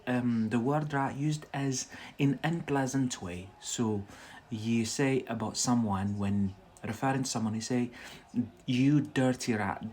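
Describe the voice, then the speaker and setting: A man's voice: mid-range voice, slight background noise. Chatty Algerian man teaching English. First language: not English. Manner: chatty, answers chat questions with fillers. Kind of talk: live-stream English lesson.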